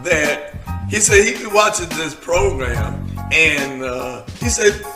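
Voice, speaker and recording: A man's voice: on the high side, animated, slow, echoey room, music in the background. A man hosting a casual talk show as a preacher, bantering with laughter and turning earnest and preachy when he speaks about faith. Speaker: host, preacher. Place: studio set.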